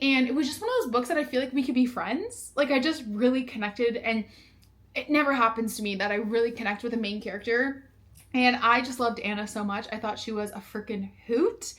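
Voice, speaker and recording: A woman's voice: fairly high pitch, a bit bright. A young woman chatting casually to camera at home in a vlog, bubbly and chatty. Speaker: vlogger.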